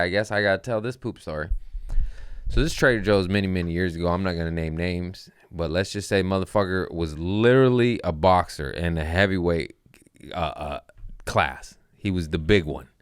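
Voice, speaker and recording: A man hosting a comedy podcast, telling a rowdy story in a profane, animated way and laughing along. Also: low voice, moderate pace, smooth, no room sound, clean studio sound. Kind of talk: casual storytelling.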